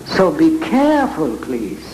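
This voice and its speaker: A man with a head cold teaching Bible reading to a live audience, speaking with slow, theatrical emphasis. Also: on the high side, wildly swooping pitch, noisy background. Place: large hall with audience. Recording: echoey hall with audience ambience.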